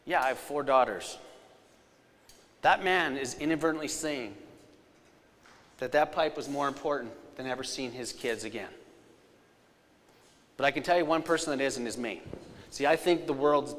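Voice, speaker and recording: A man giving a live storytelling safety presentation, energetic, with loud punchlines and quiet, serious asides. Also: medium pitch, moderate pace, pauses often. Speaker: safety speaker. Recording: long hall reverb.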